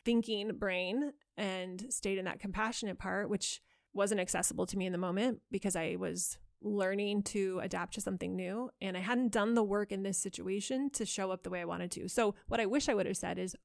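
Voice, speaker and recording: A woman's voice: mid-range voice, steady tone, a little fast, vocal fry, dry recording, studio quality. A woman hosting a parenting podcast, telling a personal story in a candid, self-critical and earnest way. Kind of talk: reflective solo podcast storytelling.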